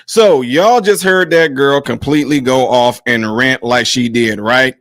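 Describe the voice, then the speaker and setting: A man's voice: mid-range voice, a little slow, a bit bright, no room sound, clean studio sound. A man hosting a political commentary vlog, scolding and mocking with a stream of rhetorical questions. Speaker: host of a commentary channel.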